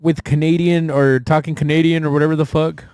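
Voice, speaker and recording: A man with a South Texas border accent co-hosting a podcast in casual chat, rambling and halting and laughing at himself. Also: a little high, little pitch movement, darkish tone, clear, resonant tone, no echo. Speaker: podcast co-host.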